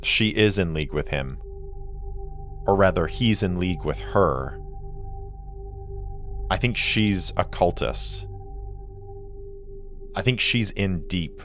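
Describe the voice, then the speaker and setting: An earnest young woman who lays out her plans in eager rushes, as a man voices her in his low register. Faint music sits beneath the voice. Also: lively intonation, fairly bright tone, full character voice. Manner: earnest, explaining in quick rushes. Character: earnest young woman, niece, plotting ally.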